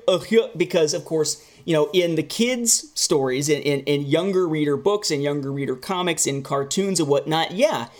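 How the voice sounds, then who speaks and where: A man co-hosting a casual comic review chat, animated and quick to mock what he reads. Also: on the high side. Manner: animated, slips into goofy mocking voices. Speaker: podcast co-host reviewing comics.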